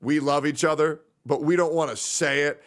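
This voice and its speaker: A man's voice: fairly even intonation, moderate pace. A man in his thirties, a streamer, chatting casually and emotionally, rambling on about his friends. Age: 30s. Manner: rambling, emotional, puts on high voices when quoting friends.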